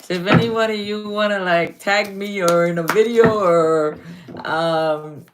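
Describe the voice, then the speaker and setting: Woman, from Guyana, live-stream astrology reader, slow unhurried delivery, calls viewers darling. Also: medium pitch, noisy background.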